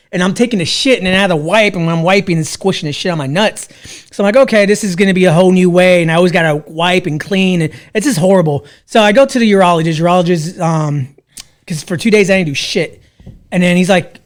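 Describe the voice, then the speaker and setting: A man in his thirties, a podcast guest telling a story casually, profane and animated. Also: high-pitched.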